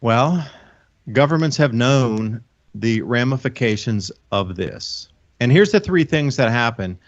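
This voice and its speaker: A little slow but animated, the mid-range voice belongs to an online channel host guesting on a casual talk show. He explains at length, earnestly and ramblingly, often restarting sentences, through his own microphone in a recording with the highs cut off.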